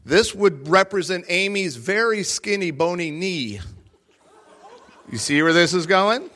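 Speaking a little high with a sharp tone, this middle-aged guest speaker entertains a live audience in a large room. His comedic storytelling pokes fun at himself, and he performs the characters' voices.

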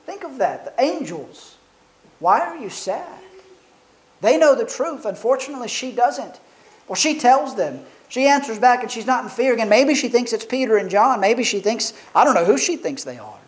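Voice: mid-range voice, sing-song, moderate pace, rough recording. A preacher delivers a sermon in a mid-range voice, reading scripture and then reflecting on it earnestly. The delivery leans on rhetorical questions put to the listeners.

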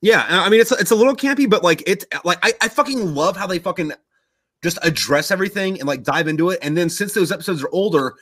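A man's voice: high voice, animated, quick pace, fairly bright tone, no room sound. A young man in casual podcast chat, telling a long story in a rambling way, swearing constantly and loosely acting out quotes.

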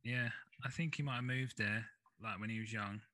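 A man's voice: on the low side, moderate pace, sharp tone, rough recording. A man hosting a podcast in casual chat, speaking in a laid-back way and often asking "do you know what I mean?". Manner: laid-back, chatty, asks for agreement. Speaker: podcast host.

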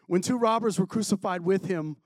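A male preacher gives a sermon in a casual manner, breaking off for joking asides. His voice sits high for a man. The recording is dry and close. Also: no room sound.

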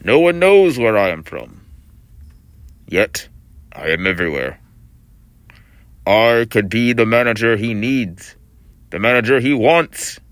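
A man voicing a mysterious masked male villain on an audition tape, with slow, deliberate, ominous pauses. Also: mid-range voice, animated, fairly bright tone, dry recording.

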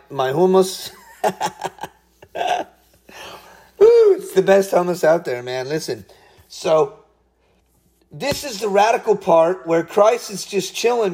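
A man preaching a sermon and telling a personal testimony, with bursts of loudness, quiet asides and frequent repeated words. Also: fairly high pitch. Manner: animated storytelling, swinging between loud bursts and quiet asides; repeats words and restarts phrases.

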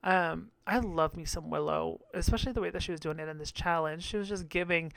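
A man's voice: fairly high pitch, fairly quick, vocal fry, a bit bright, dry recording. A man giving casual episode commentary on a reality show, sassy, crude and gossipy, laughing often.

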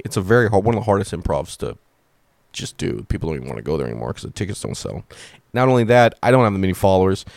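A man in his thirties hosts his own podcast from home, talking in a loose and rambling way. His stories carry self-deprecating jokes. The sound is dry and close, with no room echo. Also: mid-range voice. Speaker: podcast host and stand-up comedian. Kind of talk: casual comedic storytelling.

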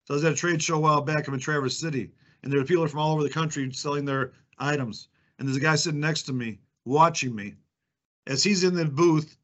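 A man's voice: fairly high pitch, a bit bright, muffled recording. A man telling sales stories in a confident, emphatic way and acting out the dialogue, as a podcast guest. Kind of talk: conversational storytelling.

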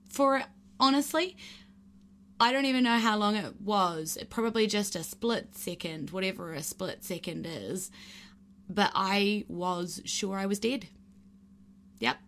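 A woman casually recounting a personal story, chatty and full of "like" and "um". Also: mid-range voice. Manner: chatty, peppered with "like" and "um".

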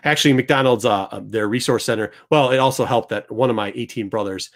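A man's voice: medium pitch, fairly quick. A middle-aged man hosting a show, telling a story and acting out both sides of the exchange. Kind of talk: storytelling to a studio crew.

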